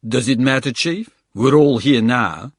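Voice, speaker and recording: A man's voice: medium pitch, unhurried, dry recording, clean studio sound, voice pushed up. A man voicing a scruffy, wiry South African mercenary, cocky, crude and needling.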